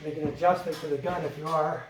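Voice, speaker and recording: A man in his fifties with a fairly high voice talks viewers through his job in a chatty, joking way. He sounds far from the mic in a bare, echoing room. Loud work noise clatters behind him throughout. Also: steady tone, quick pace. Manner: talks to himself and viewers while working, joking. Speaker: drywall installer. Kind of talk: chatty work-along tutorial. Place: bare room under construction.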